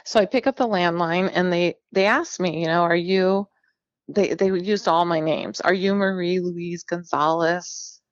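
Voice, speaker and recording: A woman's voice: on the low side, unhurried, no echo. A woman in her fifties from central California, telling her own story as a guest in a chatty, candid way with a self-deprecating sense of humor. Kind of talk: personal storytelling interview. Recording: dull lo-fi sound.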